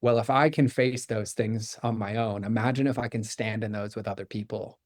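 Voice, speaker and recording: Candid man telling his story, low and dry. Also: moderate pace, no echo. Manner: candid, animated, acts out quoted dialogue. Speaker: podcast guest. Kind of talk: storytelling in conversation.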